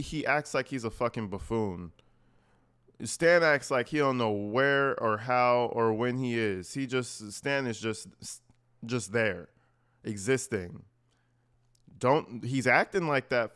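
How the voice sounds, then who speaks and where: Smooth-voiced man giving blunt, crude commentary. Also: mid-range voice, fairly bright tone. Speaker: commentator reacting to meeting clips. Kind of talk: profane casual commentary.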